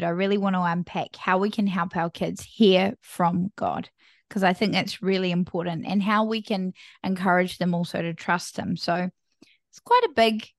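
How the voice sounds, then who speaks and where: A woman's voice: fairly low pitch, gravelly, no room sound. A woman hosting a podcast, bubbly and encouraging, speaking straight to her listeners on a close mic. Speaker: podcast host. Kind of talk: upbeat podcast intro and interview.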